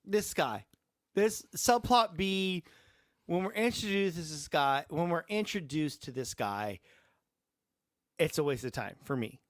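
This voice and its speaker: A man's voice: a little high, lively intonation, measured pace, fairly bright tone, dry recording, clean studio sound. A man co-hosting a podcast, chatting casually about a horror film, chuckling and repeating his points for emphasis. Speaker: podcast co-host.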